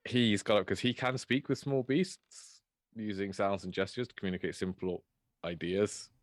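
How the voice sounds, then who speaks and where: A man playing a tabletop game, chatting and asking rules questions in quick bursts. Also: fairly low pitch, steady tone, dry recording, clean studio sound. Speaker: player.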